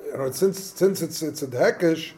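A man leading a Talmud study class, explaining the text animatedly and thinking aloud with quick restarts. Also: a little high, mellow. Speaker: Talmud teacher.

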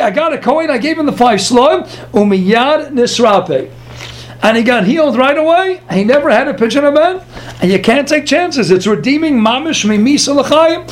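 A man teaching a Torah class, quoting Hebrew sources and translating them, with lively storytelling and quick asides to his listeners. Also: extremely high pitch. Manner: reads Hebrew sources then translates them into plain English.

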